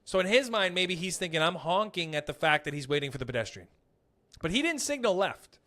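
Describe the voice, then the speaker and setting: A young man hosting a casual podcast, telling stories in an animated, profane way. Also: high-pitched, fairly quick. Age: young adult. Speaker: podcast host; comedian.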